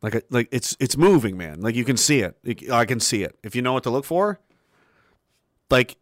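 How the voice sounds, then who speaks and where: A man's voice: medium pitch, lively intonation, normal speed, no room sound, clean studio sound. A young man, hosting a casual livestream, reading chat messages aloud and talking in a rambling, profane way.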